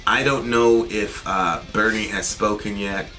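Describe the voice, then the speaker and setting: A man's voice: on the low side, fairly even intonation, a little slow, over music. A man co-hosting a political talk show, venting in indignant, sarcastic bursts. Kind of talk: heated political commentary.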